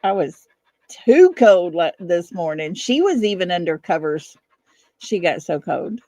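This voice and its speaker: A woman's voice: on the low side, big pitch swings, a little slow, warm tone, no room sound. A middle-aged woman hosting a casual livestream from her home, chatting with viewers, laughing often and fussing over her dog. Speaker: livestream host. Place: at home, indoors.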